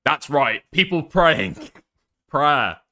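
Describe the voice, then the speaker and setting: A man's voice: fairly high pitch, big pitch swings, extremely slow, bright, forceful tone. Sarcastic, laughing man. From United Kingdom. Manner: sarcastic, laughing, heavy swearing. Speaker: commentary streamer. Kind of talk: casual reaction commentary.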